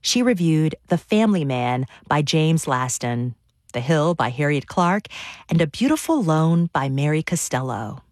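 A radio host reading a clear, scripted show outro. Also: mid-range voice, sing-song, measured pace, no room sound, studio quality.

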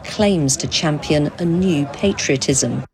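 A woman correspondent delivering a field news report in a clear, lively voice. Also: deep voice, slow pace. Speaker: foreign correspondent. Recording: outdoors with crowd behind.

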